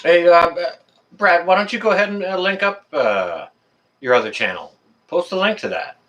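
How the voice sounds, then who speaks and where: His voice sits high and is expressive, fairly bright in tone and delivered at normal speed. He hosts a laid-back live stream from his apartment, talking with viewers and reading out the chat.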